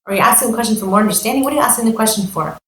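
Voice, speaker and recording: A woman's voice: fairly high pitch, very fast, a little hiss or hum. A middle-aged American woman giving a spoken Torah lesson, mixing Hebrew terms into English and acting out the voices of parents she quotes. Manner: animated, acts out quoted parents. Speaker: Torah teacher. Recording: echoey room with faint ambience.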